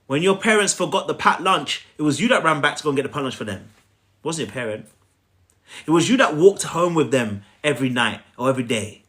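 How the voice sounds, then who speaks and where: A man coaching viewers on a live stream in a preachy, animated way, often checking in with "right?". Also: fairly high pitch, brisk. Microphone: phone.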